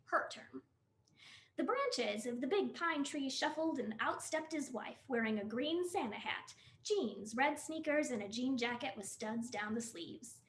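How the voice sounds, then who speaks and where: A woman reading a comic novel aloud for the library, in an expressive, animated storytelling style. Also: high-pitched. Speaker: library staff reader. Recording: roomy echo.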